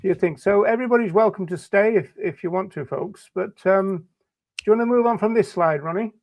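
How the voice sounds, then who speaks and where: A man hosting a live video show, chatty and jokey, talking with some halting restarts on a video call. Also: sits high, no echo, dull audio. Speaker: host.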